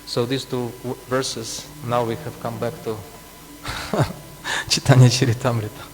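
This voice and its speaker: A man explains scripture to a class at a measured pace, his medium-pitched voice level in tone, with asides and frequent chuckles along the way. The temple hall recording has long reverb and a faint hum.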